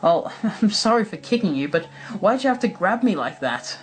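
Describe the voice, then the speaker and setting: A man voicing a frightened young boy who shouts and pleads in a storybook reading. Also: high voice, expressive, normal speed, faint music behind, pitched above the performer's own voice, rough recording. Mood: tearful. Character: frightened young boy, panicked then tearful.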